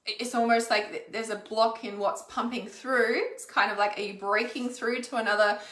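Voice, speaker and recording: Aussie woman chatting on a livestream, higher voice, lots of likes and ums, echoey room. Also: fairly even intonation, moderate pace, a bit bright. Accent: Australian. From Australia. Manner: chatty, rambling, many fillers. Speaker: intuitive healer hosting a livestream. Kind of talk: casual livestream chat.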